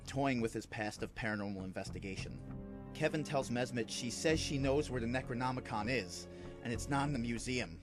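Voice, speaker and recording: A man's voice: mid-range voice, brisk. A man casually narrating his fan film idea, loose and chatty, with fillers, over background music.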